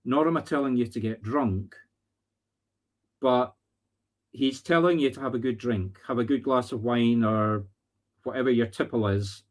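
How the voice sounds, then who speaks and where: A Scottish man working as a medium on a live stream, talking earnestly and haltingly, often searching for words. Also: mid-range voice. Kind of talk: live-streamed spirit readings.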